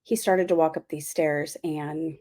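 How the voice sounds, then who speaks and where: A woman's voice: deep voice, fairly even intonation, measured pace, dark tone. A woman giving a casual spiritual talk as host of her channel, rambling with many fillers and apologies.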